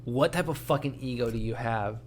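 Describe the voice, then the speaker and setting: A man's voice: mid-range voice, a little fast, a little hiss or hum. A young man from Arkansas, co-hosting a podcast in casual chat, rambling and swearing as he tells stories. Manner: profane, rambling storyteller. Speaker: podcast co-host.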